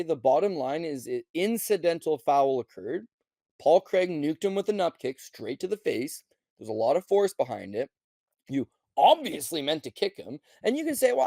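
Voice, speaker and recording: A man hosting a podcast, ranting bluntly and profanely about fights and bets, acting out quotes in high mocking voices. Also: creaky, mellow, no echo. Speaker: podcast host. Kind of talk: casual sports betting rant.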